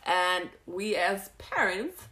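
A woman co-hosting a family podcast, chatting in an upbeat, easygoing way and quick to laugh. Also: medium pitch, sing-song, pushed and bright. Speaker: podcast co-host; mother and entrepreneur. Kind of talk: casual chat.

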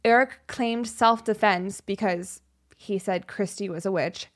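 A young woman co-hosting a podcast, telling a true crime story in a somber, halting way with fillers and sighs. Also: medium pitch. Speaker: podcast co-host.

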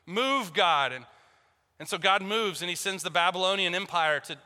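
A man's voice: high-pitched, lively intonation, normal speed, sharp tone. A man preaching a sermon, telling a story and acting out both sides of a phone call with jokes. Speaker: pastor. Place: church hall. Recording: long hall reverb.

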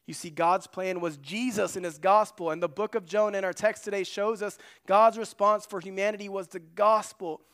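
A male pastor preaching a sermon in an earnest way, moving between loud emphasis and hushed asides. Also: high-pitched, fairly even intonation, normal speed, few pauses, clear, resonant tone.

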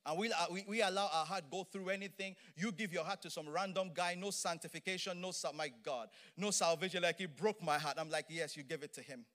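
A man delivers a sermon in a high, bright voice. He preaches with energy, leaning on words for emphasis and slipping in playful asides. He sounds middle-aged. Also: a little fast, hardly any pauses. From Nigeria.

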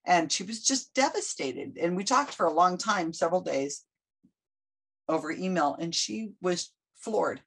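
Lively, husky woman telling stories. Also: on the low side, unhurried. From United States. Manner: animated storyteller acting out quoted voices. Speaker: guest. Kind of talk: casual podcast interview.

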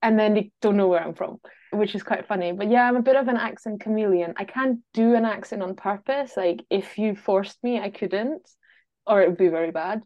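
Appearing as a guest, this woman, a travel writer from Austria, talks relaxedly in an interview and laughs occasionally. A Glasgow Scottish lilt overlays her Austrian accent. Her mid-range voice runs a little fast, and the highs are cut off.

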